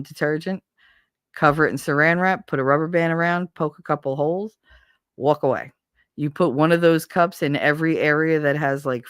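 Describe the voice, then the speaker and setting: A woman with a New Jersey accent hosting a casual livestream, chatting and reading viewer comments in a chatty, profane, animated way. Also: sits low, no room sound, studio quality. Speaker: livestream host. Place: at home, smoking.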